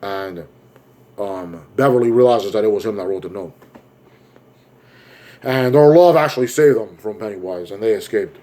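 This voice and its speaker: A man giving an excitable, rambling plot recap as a movie reviewer, full of fillers. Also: on the low side, normal speed, long pauses.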